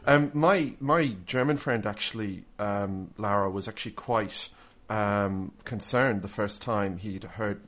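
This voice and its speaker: A man's voice: lowish voice, unhurried, few pauses, a bit bright. A man co-hosting a podcast in casual chat, rambling with many fillers and restarts. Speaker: podcast co-host.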